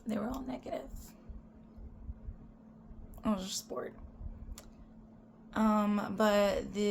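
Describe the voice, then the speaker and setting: A woman's voice: medium pitch, fairly even intonation, normal speed, long pauses, a little hiss or hum. A woman in her twenties from the US-Mexico border region, chatting casually to camera as a vlogger. She rambles and swears, and often drops into whispered asides.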